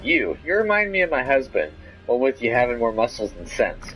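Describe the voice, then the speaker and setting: A bossy, doting mother, as a man puts her on, teasing and ordering people about. The reading sits in a plain low register, with faint game music behind. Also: sing-song, fairly quick, a bit bright, poor audio. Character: overbearing, doting mother of a grown son.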